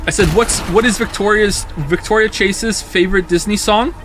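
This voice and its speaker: A young man streaming a game, chatting casually and rambling, swearing freely and jumping into high, indignant outbursts. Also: moderate pace, noisy background. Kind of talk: casual live-stream chat while gaming.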